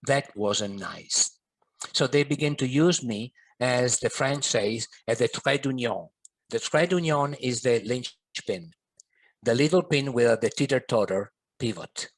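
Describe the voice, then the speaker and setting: A middle-aged coach appearing as a podcast guest tells a personal story earnestly and vividly, slipping in Italian and French phrases. His voice sits at medium pitch and moves at a measured pace.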